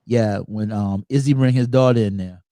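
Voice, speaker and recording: A man's voice: lowish voice, moderate pace, dark tone, no echo. Easygoing man hosting a movie chat. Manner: easygoing, tells personal anecdotes. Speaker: host. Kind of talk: casual movie review chat.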